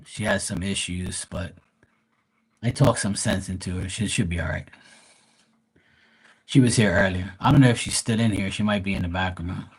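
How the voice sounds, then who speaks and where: A man with a low, husky voice chats on a live stream from his home. He rambles in a relaxed way and swears freely as he talks to his viewers. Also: normal speed, pauses often, low-quality recording. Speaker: live tarot reader. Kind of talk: casual live-stream chat.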